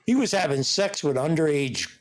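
A man's voice: fairly high pitch, very animated, normal speed. A man hosting a casual chat, telling rambling, profane stories. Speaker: host.

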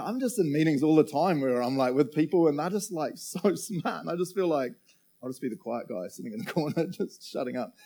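A man's voice: mid-range voice, warm tone. A middle-aged man preaching a sermon in a chatty, joking way, often laughing and asking the room questions. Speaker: pastor. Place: church auditorium.

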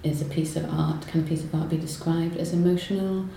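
Low-voiced woman poet in a roomy space. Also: level tone, a little fast, vocal fry, warm tone. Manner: hesitant, lots of ums and restarts when talking. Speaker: poet guest. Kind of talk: conversational interview and poetry reading. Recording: roomy echo, faint noise.

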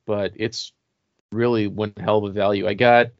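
A man's voice: lowish voice, normal speed, no echo, lo-fi sound. Laid-back man rambling about collectibles. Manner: relaxed, rambling with many "like" fillers. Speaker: podcast co-host. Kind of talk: casual chat about horror toys.

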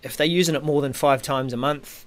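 A man hosting a podcast in casual tech chat, hesitant with many ums, often trailing off softly. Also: fairly high pitch, fairly even intonation, fairly quick. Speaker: podcast host.

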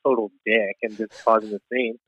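A man's voice: fairly low pitch, level tone, fairly quick, lo-fi sound, a crowd in the background. A man guesting on a podcast, chatting casually with dry, offhand humor. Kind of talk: casual chat.

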